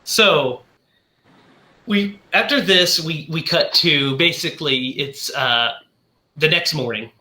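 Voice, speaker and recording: A man's voice: on the high side, takes it slowly, sharp tone, echoey room. A man hosting a podcast, casually recapping a film in a rambling way and acting out lines with laughs. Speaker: podcast host.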